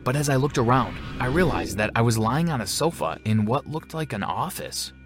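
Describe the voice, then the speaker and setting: A man reading a first-person story aloud in a steady, even narration. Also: mid-range voice, brisk, music in the background.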